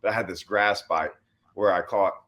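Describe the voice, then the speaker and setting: A man hosting a casual chat as a pro bass angler, telling a long story and acting out quoted lines with animated voices. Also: moderate pace. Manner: animated storyteller who acts out his own and others' quoted lines. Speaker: host and professional bass angler.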